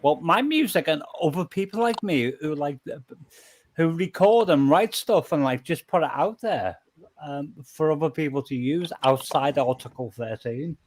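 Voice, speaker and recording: A man's voice: on the high side, expressive, normal speed, darkish tone. A man and musician chatting casually, repeating words and stumbling, with the hiccups. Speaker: guest musician. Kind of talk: casual chat.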